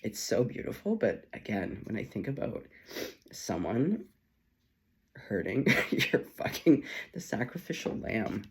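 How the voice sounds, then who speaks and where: A man's voice: fairly low pitch, very animated. Emotional, tearful man giving a spiritual reading. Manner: emotional, halting, with sighs and soft trailing phrases. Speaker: spiritual channeler.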